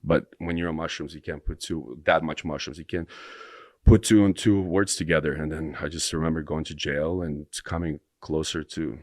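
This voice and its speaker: Deep voiced guy rambling thru a crazy story on a podcast, dry close sound. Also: fairly even intonation, normal speed, no echo. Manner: rambling, breathless retelling with restarts. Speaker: podcast guest. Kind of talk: casual storytelling.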